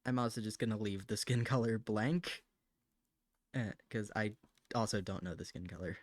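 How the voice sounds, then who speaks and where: A man's voice: on the low side, normal speed, no room sound. A man at the end of a long day, drawing on a live stream and talking casually to his viewers. He is frank and a little snippy, then apologetic. The sound is dry and close. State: tired, late at night.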